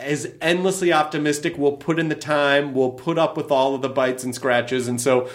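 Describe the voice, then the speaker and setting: A man chatting casually as a podcast co-host, animated and laughing often, trailing off and restarting his sentences. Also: medium pitch, moderate pace. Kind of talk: casual conversation.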